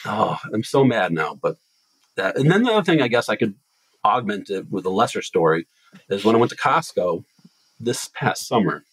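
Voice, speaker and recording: A man from Massachusetts hosting a podcast, telling a long story in animated casual chat. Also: lowish voice, normal speed, breathy edge, no echo, low-quality recording. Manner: rambling animated storytelling with restarts.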